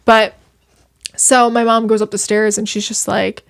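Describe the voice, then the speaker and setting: A young woman chatting as a podcast guest, telling stories in an animated way with quick asides. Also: medium pitch, vocal fry. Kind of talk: casual chat.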